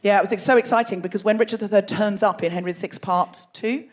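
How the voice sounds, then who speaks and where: A woman's voice: mid-range voice, fast. A woman hosting a live comedy show, bantering playfully and teasing the audience from a theatre stage. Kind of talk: live stand-up crowd work.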